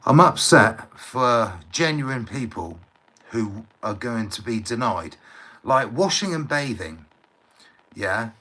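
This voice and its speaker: A middle-aged man rants to his live-stream viewers, swearing freely and checking that they agree. His pitch swings widely between low grumbles and sharp high outbursts, and he speaks slowly and deliberately. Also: lively intonation, poor audio. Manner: heated, swears often, repeats himself, asks for agreement. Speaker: livestreamer. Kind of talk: ranting live stream monologue.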